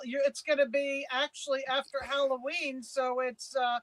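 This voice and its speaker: Woman host, high voice, slow and playful, dry video-call sound. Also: level tone, no echo, poor audio. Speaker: podcast host. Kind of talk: casual chat.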